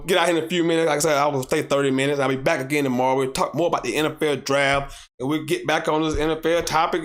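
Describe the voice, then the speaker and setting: A man with a Southern American accent hosting a solo sports podcast, arguing his points with heavy repetition and reading viewer comments aloud. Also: a little high. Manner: animated, repeats points for emphasis, rising to near shouts; reads viewer comments aloud and argues back. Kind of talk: solo sports talk show.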